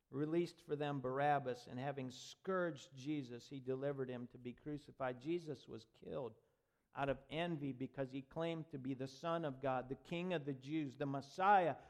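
A man preaching a sermon as pastor, reading scripture aloud and building to forceful, dramatic emphasis. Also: a little high.

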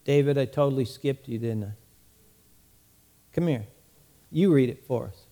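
A man's voice: mid-range voice, normal speed, dark tone. A male pastor preaching a sermon in a small church, earnest and prone to repeating words as he goes.

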